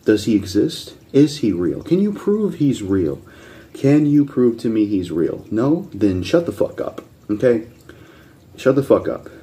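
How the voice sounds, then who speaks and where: A man's voice: mid-range voice, sing-song, a little slow, mellow. Blunt, swearing man ranting. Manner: blunt, profane and combative; repeats points insistently. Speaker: channel host reacting to videos. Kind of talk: ranting reaction commentary.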